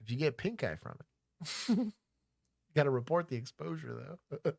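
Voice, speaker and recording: A man's voice: fairly high pitch, normal speed, vocal fry. A man from Texas, a former cop hosting a livestream, joking casually and explaining police procedure.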